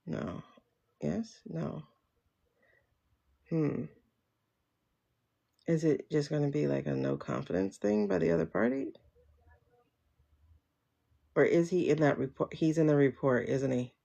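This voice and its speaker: Slow, gravelly woman musing aloud. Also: low-pitched, very animated, mellow, highs cut off. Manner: muses aloud, asks questions and answers them herself; slangy and familiar, calls viewers child, girl, boo. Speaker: livestream host reading tarot. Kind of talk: casual livestream chat.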